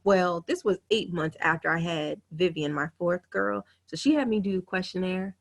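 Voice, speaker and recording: Earnest, gravelly-voiced woman webinar host. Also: on the low side. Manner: earnest, candid and emotional, with quick self-quotes. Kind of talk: webinar talk, personal storytelling.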